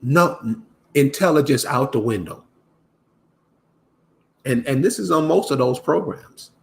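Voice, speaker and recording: A commentator with a gravelly, medium-pitched, expressive voice rants casually to the camera at a measured pace. He sounds exasperated and preachy, often restarting his words as he addresses his viewers.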